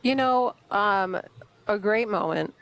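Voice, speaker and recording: A young adult woman co-hosting a podcast in casual chat, chatty and quick to laugh, with many fillers. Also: mid-range voice, fairly bright tone. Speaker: podcast co-host.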